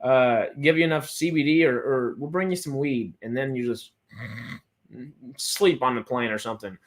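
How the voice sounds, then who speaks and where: A man's voice: mid-range voice, moderate pace. A man from Texas hosting a casual livestream chat, rambling with frequent restarts and fillers. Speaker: host.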